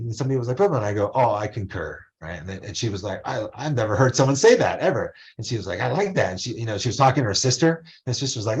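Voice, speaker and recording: A man's voice: lowish voice, fast talker, a little mellow, dull audio. A male college professor giving a casual online lecture, rambling into asides and acting out quotes.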